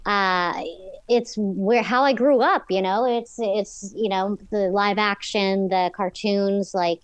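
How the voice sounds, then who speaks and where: A woman's voice: mid-range voice, steady tone, slow, smooth, dry recording. A woman voice actress, a guest in an interview, talking in a bubbly, giggly way full of "like" and "um".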